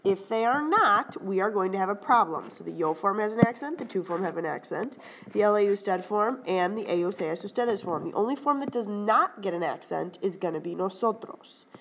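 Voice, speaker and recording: A woman teaching Spanish grammar in a brisk, firm lecture, often checking in with "right?" and "okay?". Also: mid-range voice, expressive, fairly bright tone, slight background noise, low-quality recording. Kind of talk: classroom lecture over slides.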